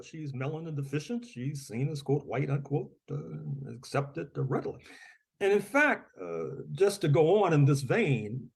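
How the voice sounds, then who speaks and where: A man's voice: on the high side, big pitch swings, normal speed, gravelly. A man talking as a guest author in an interview, rambling and discursive, chuckling between phrases and restarting with repeated words.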